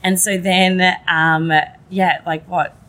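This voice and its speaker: A woman with a fairly low voice telling a long personal story in a relaxed chat. She fills her speech with "like" and swears casually. She acts out the lines of everyone in the story in lively voices. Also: slow pace. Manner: animated, quotes herself and others in lively voices. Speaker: guest.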